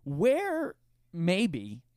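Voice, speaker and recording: A man's voice: sits high, huge pitch swings, extremely slow, a little mellow, dry recording, clean studio sound. A man co-hosting a casual podcast, upbeat and jokey, quizzing his co-host. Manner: upbeat, jokey, asks questions.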